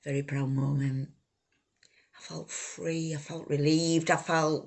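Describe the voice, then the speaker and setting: A woman telling her own life story, halting, raw and emotional, swearing freely. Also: sits low, flat delivery, a little mellow. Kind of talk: personal life story told to camera.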